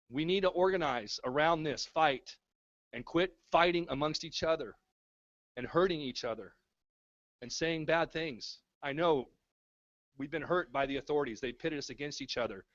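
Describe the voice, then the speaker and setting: A man's voice: a little high, lo-fi sound. Fervent man rallying a town hall. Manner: fervent, repetitive rallying speech. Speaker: activist speaking at a town hall. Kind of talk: impassioned public speech. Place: town hall meeting room.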